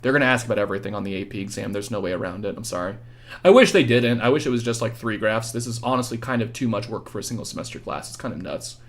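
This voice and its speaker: A young adult male economics teacher giving a casual livestreamed exam review, quick and chatty, answering viewers' questions by name, tired after hours of talking. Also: lowish voice, expressive.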